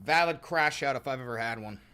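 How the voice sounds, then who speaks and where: A man hosting a live stream, arguing with callers in a heated, profane way, swinging from calm questioning to loud outbursts. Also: mid-range voice, fairly quick, smooth.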